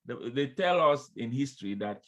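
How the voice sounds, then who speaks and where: A man's voice: mid-range voice, animated, normal speed. A man preaching a sermon, speaking straight to his listeners as friends, repeating refrains and urging them on. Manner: emphatic, repeats refrains, calls out "come on, somebody"; addresses listeners directly as friends.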